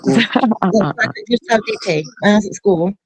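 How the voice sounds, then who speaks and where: A woman's voice: medium pitch, moderate pace, breathy edge, no room sound. A woman in her thirties chatting on a livestream panel, defending herself with mild swearing. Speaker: panel guest. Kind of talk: casual chat.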